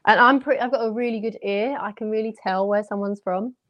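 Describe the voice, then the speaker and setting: A woman's voice: mid-range voice, fairly even intonation, fast talker, lo-fi sound. A woman from England co-hosting a casual podcast chat, bubbly and confident, rambling as she talks. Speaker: podcast co-host. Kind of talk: casual group chat on a video call.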